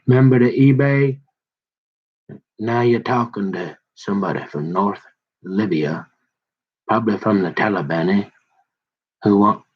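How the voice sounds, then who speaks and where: Man, husky voice, low-pitched, folksy rambling rant, dull lo-fi sound. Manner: folksy, colloquial, meandering with restarts.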